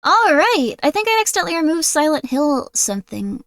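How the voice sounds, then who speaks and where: A woman's voice: sits high, very animated, a little fast, fairly bright tone, dry recording, clean studio sound. A woman chatting casually on a livestream, bubbly, apologetic and a little scattered. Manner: bubbly, apologetic, easily distracted.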